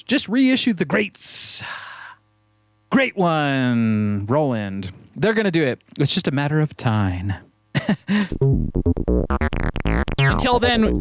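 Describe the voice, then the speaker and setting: A man's voice: a little high, no echo. A man hosting a synth video, chatting casually and playfully while he jams, laughing at himself often. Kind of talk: casual chat over live synth jamming.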